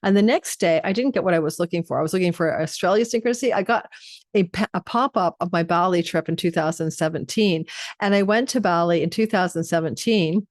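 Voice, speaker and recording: A woman's voice: on the low side, fast talker, dry recording, clean studio sound. A middle-aged woman, an astrology host, talking casually to her viewers and telling a rambling story with frequent restarts.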